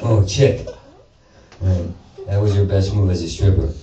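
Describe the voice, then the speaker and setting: A man's voice: low-pitched, unhurried, highs cut off. Rambling profane man on a comedy stage. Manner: rambling, profane, self-interrupting. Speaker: stand-up comedian. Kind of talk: stand-up comedy set. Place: small performance space before a live audience. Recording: roomy live sound from a distant mic with crowd laughter.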